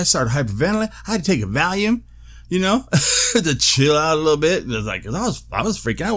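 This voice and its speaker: A fast-talking man with a higher-pitched voice hosts his own show, delivering a casual update monologue. He tells an animated story packed with swearing and plenty of laughs.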